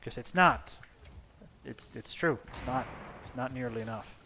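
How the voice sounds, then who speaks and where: A man's voice: mid-range voice, expressive, measured pace, gravelly, sharp tone, a little hiss or hum. A young man from Finland, chatting casually and swearing as he plays a video game, talking to himself and his character. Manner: rambling, profane, talks to himself and the game. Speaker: streamer. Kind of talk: casual gameplay commentary.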